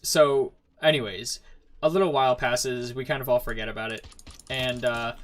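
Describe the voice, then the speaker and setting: A man's voice: medium pitch, steady tone, moderate pace. Young New man telling a rambling story. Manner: rambling storyteller, heavy use of "like". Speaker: streamer. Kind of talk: casual chat while gaming.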